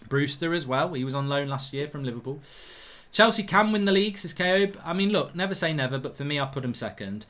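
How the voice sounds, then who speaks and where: A man's voice: mid-range voice, fast, few pauses, a bit bright. A man hosting a live football watchalong, chatting casually, giving opinions and reading out viewer comments. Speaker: host.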